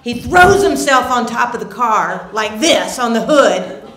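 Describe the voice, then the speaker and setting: A woman telling a personal story at a live story slam, animated and swinging from hushed tones to loud outbursts. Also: on the high side, measured pace, roomy sound. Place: theater stage.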